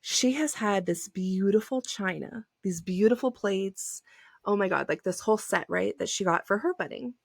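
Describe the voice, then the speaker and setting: A woman's voice: medium pitch, moderate pace, vocal fry, slightly rough, dry recording, studio quality. Effusive chatty woman in her thirties. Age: 30s. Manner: chatty and effusive, many "like" fillers, emphatic bursts. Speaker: podcast host. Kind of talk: casual solo podcast talk.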